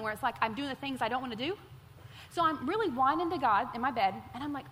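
Woman preacher, high and bright, animated storyteller, sermon in a reverberant hall. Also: fast, a little hiss or hum. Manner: animated storytelling, repeats words for emphasis. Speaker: pastor. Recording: hall reverb with faint ambience.

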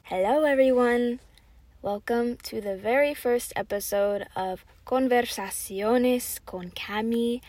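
A woman's voice: on the high side, slow pace, darkish tone, no room sound. A woman in her twenties with an American accent, hosting a podcast for learners in a chatty, self-deprecating way. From United States. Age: 20s. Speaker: podcast host. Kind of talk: slow, clear podcast talk for learners.

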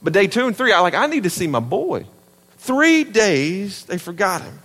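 A man in his thirties with a Southern US accent, preaching a sermon in an animated, emphatic and conversational way. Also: high voice, moderate pace, in a large hall. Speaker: pastor.

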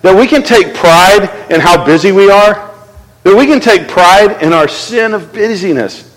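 A male pastor preaching a sermon in an animated, conversational way, asking the crowd to respond. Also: sits high, unhurried, big-room sound, poor audio.

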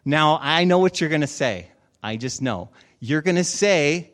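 Animated high-voiced male pastor preaching. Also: moderate pace. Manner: animated storytelling with acted-out voices. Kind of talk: sermon.

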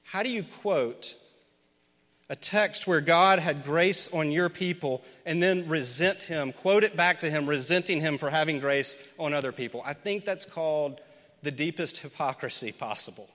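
Male pastor, high and bright voice, earnest storyteller, preaching in a hall with long reverb. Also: moderate pace. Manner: conversational, earnest, builds to emphatic points. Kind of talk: storytelling sermon.

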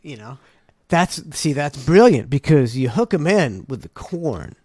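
Man, podcast co-host, rambling storyteller, slightly high voice, dry close recording. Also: big pitch swings, measured pace, mellow, no room sound. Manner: rambling, many fillers and restarts, laughs easily. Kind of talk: casual chat.

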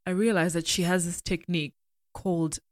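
Low-voiced woman critiquing poetry. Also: fairly even intonation, no room sound, studio quality. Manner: measured, deliberate, argumentative. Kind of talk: analytical commentary reading poems aloud.

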